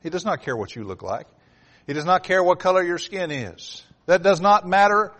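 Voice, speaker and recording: A man preaches a sermon in a voice pitched a little above most men's. He drives his points home through repetition, building to loud emphatic swells before dropping back down. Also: expressive, moderate pace.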